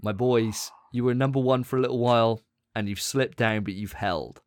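A man hosting a podcast in casual chat, animated and often laughing. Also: mid-range voice, no room sound. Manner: animated, laughing, quick asides. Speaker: podcast host.

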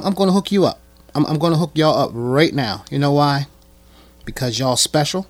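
A man commenting on a clip he plays for his viewers, animated and emphatic, often stammering and repeating words. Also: fairly high pitch, dry recording. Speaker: video commentator. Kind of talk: reaction commentary.

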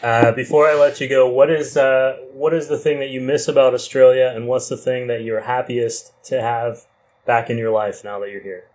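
A man's voice: medium pitch, fairly even intonation, normal speed, darkish tone, rough recording. A man from Wisconsin hosting a podcast interview, asking questions in a friendly, conversational way. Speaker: podcast host.

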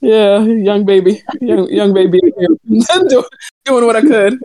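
A young woman co-hosting a podcast, talking in casual, profane, animated banter and laughing a lot. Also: medium pitch, takes it slowly, dry recording. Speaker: podcast co-host.

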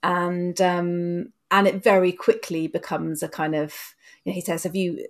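A woman talks in a low-set voice, chatty and reflective. She goes over things in a lively, casual podcast way. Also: a little slow. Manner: chatty, reflective, animated retelling. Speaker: podcast co-host, teacher. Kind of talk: casual discussion.

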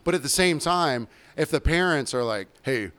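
A man's voice: on the high side, expressive, normal speed, fairly bright tone, smooth. A man co-hosting a podcast, a bartender telling rambling, profane stories about work in casual chat.

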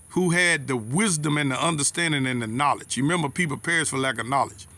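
Here the lay preacher's voice is fairly high, bright, and forceful. Addressing brothers and sisters in an informal sermon, he shares personal stories folksily, leaning on dialect grammar and repetition.

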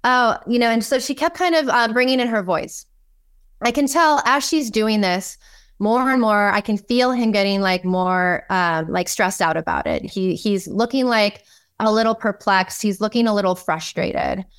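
A woman guest on a podcast, telling a story in a lively, enthusiastic way and acting out the voices in it. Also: medium pitch, moderate pace, clean tone. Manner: enthusiastic, acts out quoted dialogue. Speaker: podcast guest, kink coach. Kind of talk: conversational storytelling.

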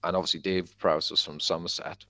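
Podcast co-host, male, very low voice, lively fillers-heavy storyteller, dry close recording. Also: brisk, no room sound. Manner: animated storyteller, many fillers, acts out quotes. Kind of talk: casual chat.

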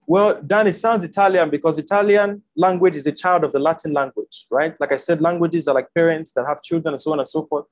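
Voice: mid-range voice, fairly even intonation, brisk, hardly any pauses, low-quality recording. A preacher giving an online Bible teaching over a video call, repeating key words for emphasis.

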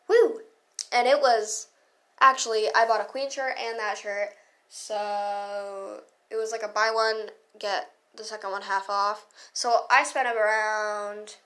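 Teen girl venting on her vlog, kinda high voice, sarcastic, swears a lot. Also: a bit bright. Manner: ranting, swearing, sarcastic, laughing. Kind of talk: casual storytime vlog.

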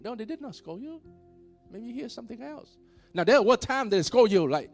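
A male pastor preaching a sermon in church, animated, laughing often and checking in with the congregation. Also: high voice, normal speed, soft background music.

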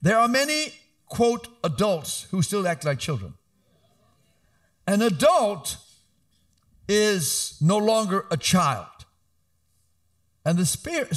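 A middle-aged male pastor preaching an animated sermon with emphatic calls to the congregation. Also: high-pitched.

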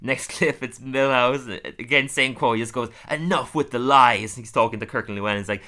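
A chatty male podcast host recapping a cartoon episode in relaxed talk. He laughs often and slips into quoted lines. His voice has a bright, sharp tone at an ordinary pitch. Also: fairly quick.

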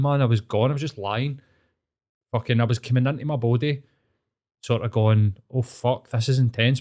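A man's voice: medium pitch, darkish tone. Sweary rambling Glasgow man. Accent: Scottish, Glasgow. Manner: sweary, rambling, with many fillers. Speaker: therapist. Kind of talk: casual storytelling.

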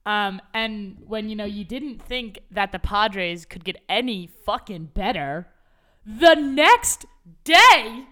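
A young woman co-hosting a casual sports podcast, animated and swearing freely, her voice jumping high when she gets excited. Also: unhurried, few pauses. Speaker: podcast co-host.

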